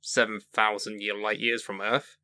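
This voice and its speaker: Podcast dude, dry sense of humor, swears a lot, dead dry mic. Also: male voice, fairly low pitch, flat delivery, moderate pace, pushed and bright, no room sound. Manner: dry, profane jokes. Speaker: podcast co-host. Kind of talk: casual podcast chat.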